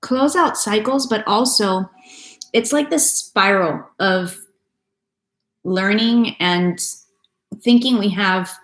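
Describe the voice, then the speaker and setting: A tarot reader gives a loose, chatty live-stream reading, swearing casually and greeting viewers by name. Her medium-pitched voice is a bit bright, and she takes things slowly with frequent pauses. The room is echoey, with faint background noise.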